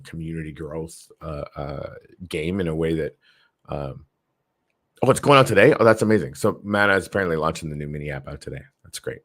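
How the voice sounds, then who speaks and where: A man with a low-pitched, slightly bright voice hosts a laid-back livestream. Sounding tired, he reads viewer comments aloud and answers them, rambling with frequent fillers and restarts.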